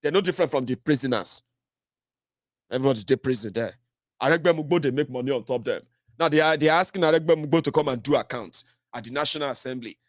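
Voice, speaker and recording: A man's voice: mid-range voice, fast talker, no echo, studio quality. A man with a Nigerian accent giving heated political commentary, fiery and mocking, slipping into Pidgin.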